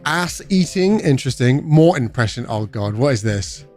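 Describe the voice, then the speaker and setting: A man's voice: mid-range voice, lively intonation, normal speed, darkish tone, soft background music. A young British man chatting casually on a game livestream, joking and answering chat as he goes. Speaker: streamer.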